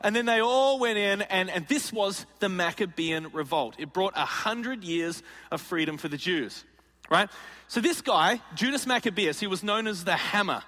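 A male pastor preaching a sermon in an animated, joking way, acting out scenes as he tells them. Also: high-pitched, normal speed, big-room sound. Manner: animated and jokey, acts out scenes.

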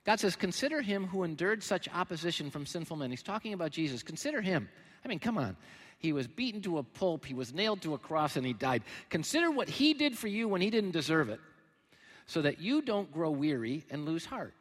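Animated preaching man in a big hall. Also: on the high side, fairly quick. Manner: animated preaching, swings between loud and quiet. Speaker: pastor. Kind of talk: sermon.

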